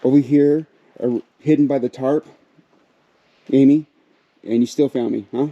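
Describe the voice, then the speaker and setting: A man's voice: mid-range voice, fairly even intonation, a little slow, lo-fi sound. A man hosting a casual outdoor vlog at his pheasantry, folksy and rambling, full of fillers, often calling out to viewers and chatting sweetly to his birds. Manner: easygoing and folksy, many fillers, keeps addressing viewers as "you guys"; talks sweetly to his birds while walking around. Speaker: pheasant breeder and channel host.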